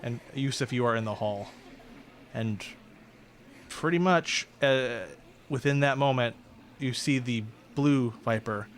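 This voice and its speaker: A man's voice: mid-range voice, measured pace. Casual man running a tabletop game. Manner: casual, self-deprecating, laughs easily. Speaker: game master.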